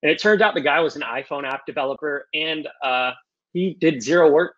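A young man answering audience questions casually on a video call, loose and animated, with some swearing. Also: on the high side, brisk. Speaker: guest speaker. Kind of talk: casual Q&A on a webinar. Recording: muffled lo-fi video call audio.

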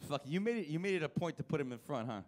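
A male stand-up comedian doing a live club set, profane and animated, acting out characters and bursting into loud shouts. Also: fairly high pitch, racing, slight background noise. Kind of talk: live stand-up with crowd work.

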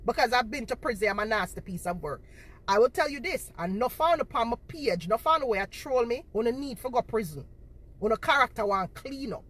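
A woman's voice: fairly high pitch, expressive, fairly quick, fairly bright tone. A woman, confronting her viewers on a livestream and repeating herself for emphasis, talking into a phone held in front of her face. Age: 40s.

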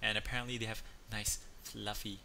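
A chatty male host talks casually and playfully. His voice sounds very bright and sharp, and a soft hiss sits faintly under the recording. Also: on the low side, little pitch movement, fairly quick, creaky. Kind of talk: casual chat, telling a joke.

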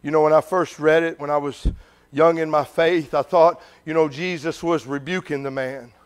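Here a male preacher chats with his congregation, posing question after question and shifting between booming urgency and soft asides. The voice sits fairly high, with a steady, clear, resonant tone at normal speed.

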